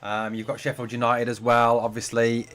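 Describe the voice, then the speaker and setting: A man's voice: mid-range voice, monotone, moderate pace, a bit bright. Man, live fan stream, casual running match commentary, swears, chats to viewers. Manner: chatty, swears freely, reads out viewer comments. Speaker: fan channel host doing a live watch-along.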